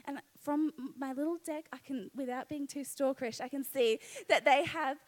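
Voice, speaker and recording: High-voiced Australian woman preaching. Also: normal speed. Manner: earnest, conversational, many "you know what" asides. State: pregnant. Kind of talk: live church sermon. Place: church hall, live service.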